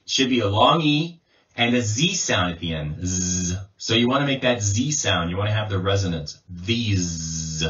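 A male English coach gives a slow pronunciation lesson, repeating sounds as drills in a medium-pitched, slightly bright voice. The distant mic makes the recording dull and lo-fi.

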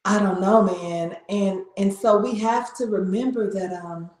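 A woman talking about her faith in a casual chat, animated and slangy, often repeating herself. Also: mid-range voice, unhurried. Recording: echoey room.

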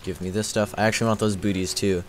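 A man's voice: on the low side, level tone, fast talker, a little hiss or hum. A young man streaming a game, chatting casually, goofy and self-mocking, trash-talking, singing snatches of songs. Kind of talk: casual gaming stream commentary.

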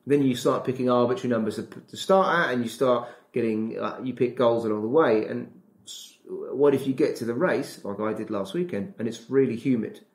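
A man talks running in a relaxed podcast chat, voice at an ordinary middle pitch. He speaks animatedly and slips into acted-out voices. The room gives his voice a noticeable echo. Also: fairly quick. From Britain. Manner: animated, acts out his inner dialogue. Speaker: podcast guest, running coach.

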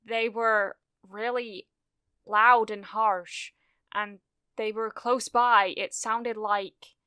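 A woman's voice: mid-range voice, a little slow, sharp tone, no room sound, studio quality. A woman doing a nervous, hesitant young hero girl.

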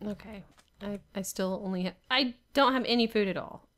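A woman's voice: mid-range voice, a little fast, fairly bright tone. A young woman talking to herself while playing a survival game, often laughing and grumbling in exasperation. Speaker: gamer. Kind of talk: Minecraft gameplay commentary.

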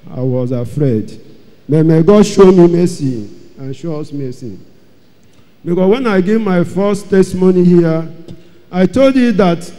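A man giving an emotional church testimony, telling his story dramatically and repeating phrases, his loudness rising and falling. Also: sits high, lively intonation, measured pace. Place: large church hall. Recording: long hall reverb.

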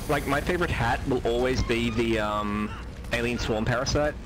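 A man's voice: medium pitch, normal speed, background noise. A man gaming in casual voice chat, making callouts and wry jokes. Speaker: gamer.

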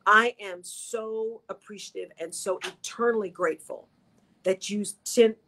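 A woman's voice: mid-range voice, steady tone, measured pace, pushed and bright, a little hiss or hum. A middle-aged woman hosts a radio show, giving an earnest, encouraging motivational talk straight to her listeners.

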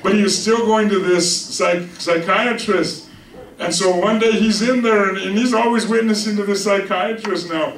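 A man's voice: sits high, fairly even intonation, normal speed, a bit bright, recorded from a distance. A male pastor preaching a chatty storytelling sermon, often checking in with his listeners. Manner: chatty, keeps asking "you with me?". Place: church sanctuary with congregation. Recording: echoey church heard from afar. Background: congregation answering amen.

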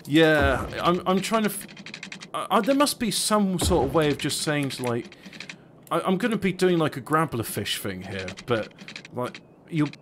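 A man's voice: fairly high pitch, sing-song, moderate pace, noisy background. Stumbling, hesitant man on a stream. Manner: hesitant, stumbling, many restarts. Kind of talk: casual chat addressing stream viewers.

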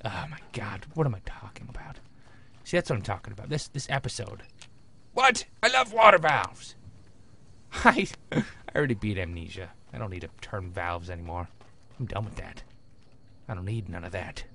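A man's voice: low voice, brisk, gravelly, a little hiss or hum. A young man commentating his gameplay in a jokey, rambling way with frequent exclamations. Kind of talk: let's play commentary.

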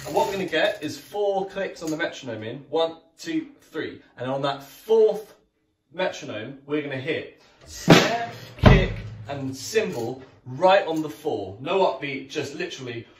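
Drum teacher guy counting in, slightly high voice, kinda far from the mic in an echoey room. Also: animated, measured pace, very noisy. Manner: friendly, counts aloud and sings drum beats. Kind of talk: music lesson. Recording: echoey room, mic at a distance, music playing.

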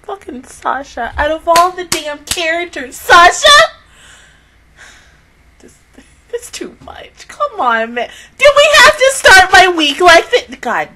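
A woman's voice: extremely high pitch, big pitch swings, a little slow, noisy background. A young woman reacting to an anime episode on her channel, exasperated and swearing, sighing and trailing off between broken sentences. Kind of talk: emotional reaction vlog.

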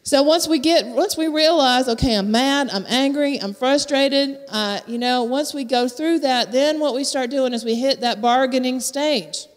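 A woman preaching, her fairly high voice carried by the long reverb of a church sanctuary. She speaks into a handheld mic, frank and chatty, and pokes fun at herself as she talks to the congregation. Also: moderate pace, hardly any pauses. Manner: candid and conversational, with self-mocking humor. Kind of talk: sermon. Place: church sanctuary at a live service. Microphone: handheld microphone.

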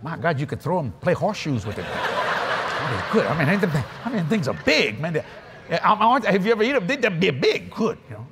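A man preaching at a convention, telling folksy stories in an animated way with frequent laughs. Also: on the high side, a little fast, noisy background. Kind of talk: storytelling sermon to a live audience. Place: convention stage.

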